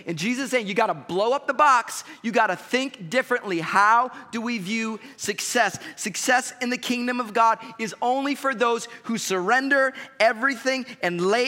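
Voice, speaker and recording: A man with a high, bright voice delivers a sermon from the pulpit. He speaks conversationally and with emphasis, pressing points straight to the congregation. His voice rings out with the long reverb of a church hall. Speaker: pastor. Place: church sanctuary.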